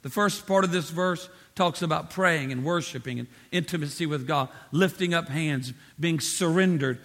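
A man's voice: fairly high pitch, normal speed, a bit bright. A man preaching a sermon, driving points home with emphatic repetition and acting out the voices of the people he quotes. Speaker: pastor.

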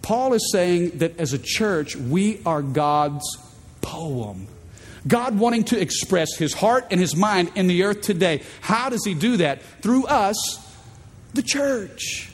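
A man's voice: on the high side, a little mellow, long reverb tail. A man preaching a sermon as pastor, emphatic, prompting the congregation to repeat words back. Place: large church auditorium.

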